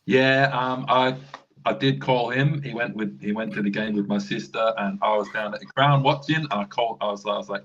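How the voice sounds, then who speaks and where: An Australian man telling a story on a sports podcast, animated. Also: fairly low pitch, fairly quick, slight background noise. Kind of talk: casual sports podcast chat. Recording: dull lo-fi sound.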